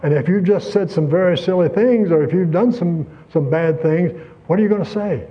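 A man preaching a sermon, telling a story and asking rhetorical questions with lively emphasis. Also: high voice, normal speed, breathy edge, dull audio.

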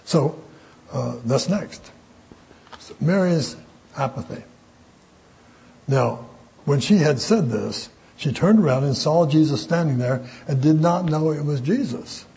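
An older man leads an informal Bible lesson in a slightly raised, mellow voice. He talks in a folksy, halting way, with frequent "uh"s and restarts as he works through the passage. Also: on the high side, vocal fry, slightly rough, poor audio. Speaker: Bible teacher. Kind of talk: informal Bible study teaching.

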